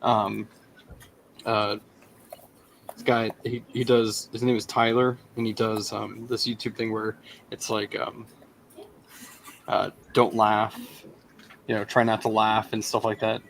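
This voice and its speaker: A man's voice: fairly low pitch, little pitch movement, unhurried, creaky, pauses often, fairly bright tone, slight background noise, rough recording. A man co-hosting a live stream in casual chat, rambling and searching for words as he tells a story. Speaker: co-host.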